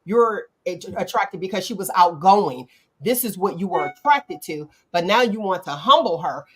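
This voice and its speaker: A middle-aged woman hosting a casual talk show, animated and acting out quotes in playful voices. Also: fairly low pitch, normal speed, slightly rough. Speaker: podcast host. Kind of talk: casual chat.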